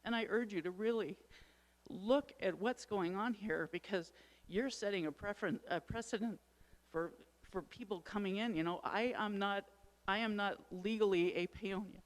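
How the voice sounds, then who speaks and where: A woman's voice: medium pitch, moderate pace. A middle-aged woman making a public comment at a town meeting, emotional and urgent, her frustration showing. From Wisconsin.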